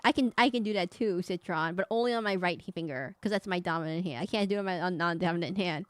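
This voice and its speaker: A woman's voice: lowish voice, fast talker, hardly any pauses, dry recording, studio quality. A young woman, a VTuber streamer, chatting through live gameplay commentary and exclaiming as she reads game dialogue aloud.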